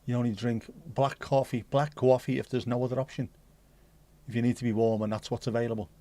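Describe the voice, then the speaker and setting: This livestream host speaks fairly quickly in a mellow, mid-range voice with flat delivery and no echo. Streaming casually from home, he chats with his audience, responds to the chat out loud and lets the odd curse slip.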